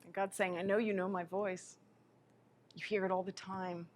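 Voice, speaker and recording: A woman's voice: medium pitch, flat delivery, moderate pace, a little hiss or hum. Impassioned woman giving a spiritual lecture. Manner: impassioned, swings between soft and loud. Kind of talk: live inspirational lecture.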